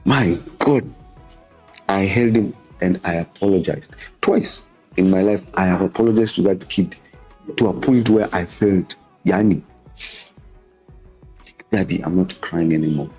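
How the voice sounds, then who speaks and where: A deep, husky-voiced Kenyan man in his thirties talks earnestly as a show host, weaving Swahili into his English. He leans on repetition to press his points. Faint music plays behind him. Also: a little slow, darkish tone, rough recording. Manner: switches between English and Swahili; earnest, repeats words for emphasis. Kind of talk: casual reflective talk.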